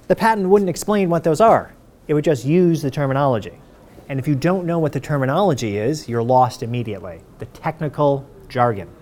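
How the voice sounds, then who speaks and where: A man, a university patent counsel, giving a clear and methodical lecture, reading passages aloud and asking the audience rhetorical questions. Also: medium pitch, a little mellow.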